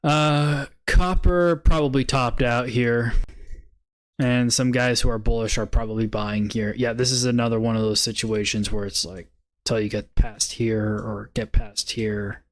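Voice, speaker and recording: Brief: male stream host, unhurried, mid-pitched, casual market chatter. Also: steady tone. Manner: laid-back, muttering, bursts of swearing laughter.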